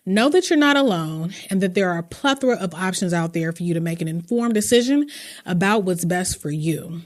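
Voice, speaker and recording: A young adult woman hosting a podcast, talking earnestly and emotionally, quick to laugh. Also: fairly low pitch, animated. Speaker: podcast host. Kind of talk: warm conversational podcast interview and outro.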